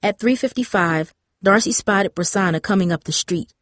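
A woman narrating an audiobook at a mid pitch, telling the story in a steady way. The sound is close and completely dry, with no room in it. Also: moderate pace, no room sound. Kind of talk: scripted narration.

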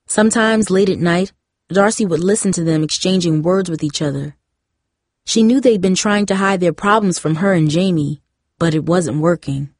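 A woman narrating a chapter book in a steady, measured reading. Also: fairly low pitch, no echo, clean studio sound. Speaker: audiobook narrator. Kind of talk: scripted story narration.

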